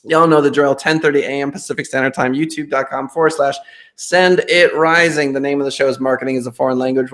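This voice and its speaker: A middle-aged man hosts a casual interview show, his pitch sitting in an ordinary middle register. He tells stories with energy and slips into voices for the people in them, then rolls straight into quick show plugs. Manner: animated storyteller, acts out voices in anecdotes. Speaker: podcast host.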